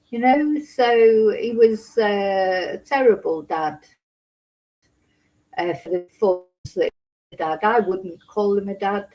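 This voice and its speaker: A woman's voice: medium pitch, darkish tone, rough recording. A woman hosting a casual true crime livestream from her home in Spain, talking in a rambling, emotional way with many restarts.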